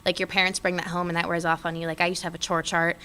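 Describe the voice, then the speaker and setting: Chatty young woman, lowish voice. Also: rapid-fire, smooth. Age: young adult. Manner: chatty, many fillers, animated when quoting others. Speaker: guest, airman. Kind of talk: casual interview chat.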